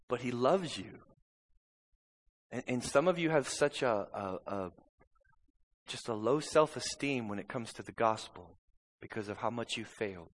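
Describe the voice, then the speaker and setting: A man's voice: fairly low pitch, unhurried, in a large hall, low-quality recording. A man preaching a sermon in a church, impassioned and conversational, often checking in with "amen?". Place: church sanctuary.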